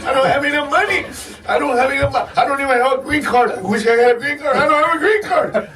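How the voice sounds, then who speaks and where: A man's voice: extremely high pitch, fast, a bit bright, distant mic, slight background noise, pitched above the performer's own voice. A man playing his own father, tearful and joking about being broke, in a whiny, half-laughing voice.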